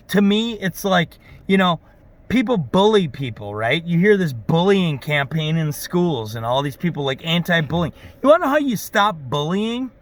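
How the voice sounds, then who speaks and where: A man's voice: high voice, a bit bright, dry recording. A man who works as an auto service technician, delivering a preachy, ranting monologue to camera and keeping the viewer hooked with "okay?" and "right?".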